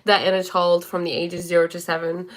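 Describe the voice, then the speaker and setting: A woman with a fairly low-pitched voice talks casually on a livestream. She rambles loosely, with many fillers and restarts, and keeps turning to answer viewers' comments as she goes. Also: little pitch movement, brisk. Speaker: life coach.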